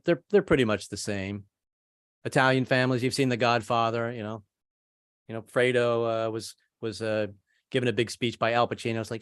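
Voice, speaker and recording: A man's voice: medium pitch, no room sound, studio quality. Rambling stand-up comic man. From American, family from Kentucky. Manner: rambling, repeats words, acts out voices. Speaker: stand-up comedian. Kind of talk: stand-up comedy set.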